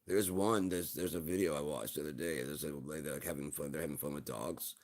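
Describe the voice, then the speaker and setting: A man's voice: extremely low pitch, steady tone, fairly quick, hardly any pauses, a little mellow. A man hosting a livestream, telling rambling stories in casual, profane chat. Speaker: livestream host.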